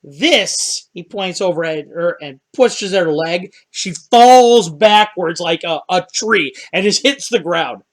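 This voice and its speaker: A game master running a tabletop fantasy session. He is a man with a slightly higher voice who narrates each scene in a casual, vivid way for his players. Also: lively intonation, slow pace, few pauses.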